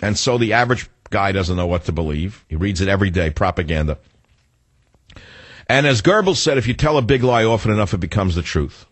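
An older man hosting talk radio delivers a monologue in a low, slightly husky voice, his pitch swinging widely as he rants a little fast. He's sarcastic, rambling and animated, constantly restarting, correcting himself and wandering into asides. The studio sound is close and dry, with no room sound.

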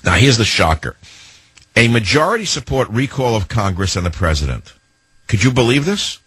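A male talk radio host telling a rambling, indignant story in a husky voice. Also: mid-range voice, big pitch swings, moderate pace, a bit bright, dry recording.

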